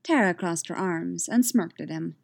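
A woman narrating a novel in a steady, even storytelling voice. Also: fairly low pitch, normal speed, vocal fry, dry recording. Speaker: audiobook narrator. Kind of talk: scripted narration.

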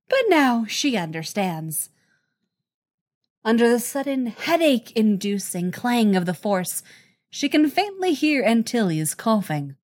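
A woman narrating a fan fiction audiobook in a measured, expressive reading. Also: mid-range voice. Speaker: reader, narrator.

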